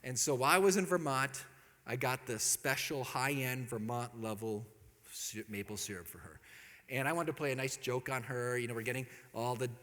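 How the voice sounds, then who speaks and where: A man giving a humorous storytelling talk to an audience, acting out quoted lines with lively jumps in his voice. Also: normal speed. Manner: animated, acts out quotes with big pitch jumps. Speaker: Catholic speaker. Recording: long hall reverb.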